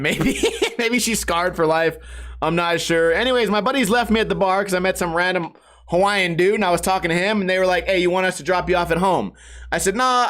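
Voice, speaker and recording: A man hosting his own podcast, telling a rambling, profane, self-mocking story and jumping his voice up when he acts out other people. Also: fairly bright tone. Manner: raises pitch sharply when acting out others. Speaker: podcast host. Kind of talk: casual storytelling monologue.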